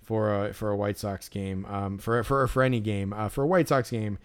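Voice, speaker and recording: A man's voice: lowish voice, fairly even intonation, normal speed, clean tone. Rambling man telling a story. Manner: rambling storyteller, many fillers and restarts. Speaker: podcast co-host. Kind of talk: casual chat.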